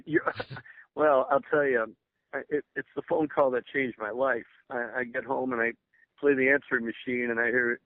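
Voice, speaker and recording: An older man with a gravelly voice tells stories as a guest on a radio show. He speaks eagerly, restarting words and laughing as he goes. His voice comes over a narrow, tinny phone line with no room sound. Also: mid-range voice, steady tone, moderate pace, no echo. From Berwyn, Illinois, USA. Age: 60s. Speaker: guest musician. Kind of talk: radio interview storytelling.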